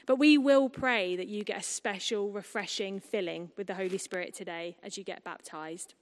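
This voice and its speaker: A woman preaching a sermon at a baptism service, conversational and lively, with humorous asides to the congregation. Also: mid-range voice, moderate pace, slight background noise. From England. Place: church hall. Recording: long hall reverb.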